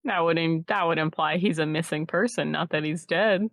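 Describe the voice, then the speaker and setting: A woman's voice: deep voice, moderate pace, dry recording, studio quality. A woman playing a cagey, determined investigator. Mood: guarded, firm. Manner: terse, guarded, pressing. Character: determined, cagey investigator seeking a missing person.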